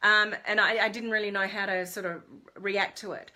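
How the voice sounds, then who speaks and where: Bright-voiced woman telling a story live. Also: medium pitch, normal speed. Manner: animated storytelling, chatty with many fillers. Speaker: business mentor. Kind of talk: casual Facebook Live talk.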